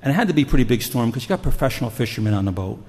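Man, preacher, earnest storytelling sermon, mid-pitched voice, long hall reverb. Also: animated, rapid-fire, a little mellow.

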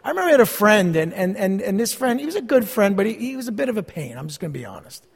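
Animated man preaching in a reverberant hall. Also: sits high, fast, vocal fry, slightly rough. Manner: animated storytelling with self-deprecating humor. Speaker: pastor. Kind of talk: sermon.

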